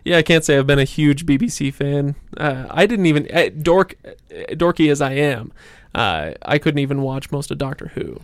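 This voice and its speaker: This is a podcast host chatting casually with a few friends. They ramble along, full of "uh" and restarts, at an ordinary middle pitch. The recording is close and dry, with no room sound. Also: animated, normal speed, no echo. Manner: rambling with many fillers, loses track mid-sentence. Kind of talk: casual chat.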